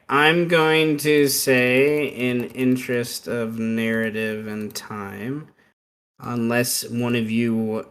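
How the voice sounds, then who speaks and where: A man narrating as game master for a tabletop game, unhurried and halting with frequent fillers. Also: medium pitch, fairly bright tone, clean tone.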